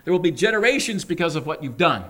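A man's voice: on the high side, big pitch swings, fast talker, a bit bright, voice pushed up. A man voicing an earnest male assistant who urgently reassures a grieving friend.

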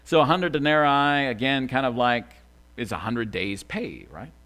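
A man preaching a sermon as a pastor, animated, swinging from loud excited bursts to quiet asides. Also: mid-range voice, normal speed.

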